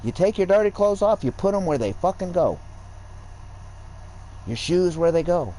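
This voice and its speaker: A gaming streamer rants casually during a livestream, profane, rambling and lecturing. His voice is high-pitched and sing-song with a dark tone at normal speed, and the rough recording carries a little hiss or hum.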